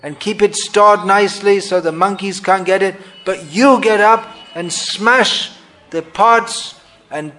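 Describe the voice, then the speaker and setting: A man's voice: sits high, fairly bright tone. A man voicing an angry mother who scolds her naughty little son with exasperated complaints, within a scripture talk.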